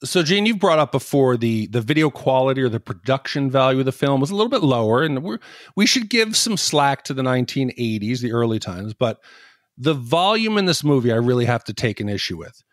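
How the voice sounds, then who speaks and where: A man co-hosting a casual movie-review podcast, telling stories in an animated way and acting out scenes as he goes. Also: mid-range voice, fairly quick, no echo, clean studio sound. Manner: animated storyteller who acts out scenes. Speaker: podcast co-host.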